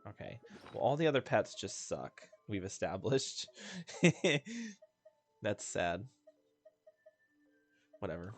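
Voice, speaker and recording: Low-voiced man rambling over gameplay. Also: big pitch swings, takes it slowly, pauses often. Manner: rambling, chatty, self-deprecating, laughs often. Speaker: gaming video host. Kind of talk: casual let's-play commentary. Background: faint game music.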